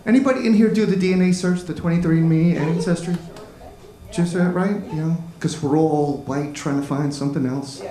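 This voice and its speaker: Male stand-up, self-deprecating, slightly high voice, crowd work, roomy club sound. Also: fairly quick, warm tone. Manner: self-deprecating, chatty with the audience. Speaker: stand-up comedian. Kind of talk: stand-up comedy set. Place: comedy club stage. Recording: echoey club with crowd noise. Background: laughing audience.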